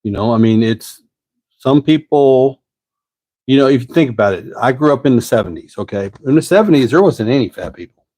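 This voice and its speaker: A man's voice: mid-range voice, animated, a little mellow, dry recording. A man, rambling in a folksy way as the host of a casual live-stream chat. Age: 50s. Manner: rambling, folksy, drawn-out pauses.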